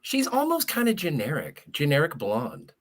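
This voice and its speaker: A man's voice: on the high side, wildly swooping pitch, moderate pace, slight background noise. A man chatting casually as a regular guest, telling rambling, cheeky stories. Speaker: show regular. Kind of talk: casual chat.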